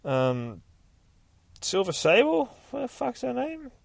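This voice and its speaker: A man hosting a podcast, casually recapping a comic book in a rambling, sweary, excitable way. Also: very high-pitched, slow pace, creaky, dry recording. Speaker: podcast host.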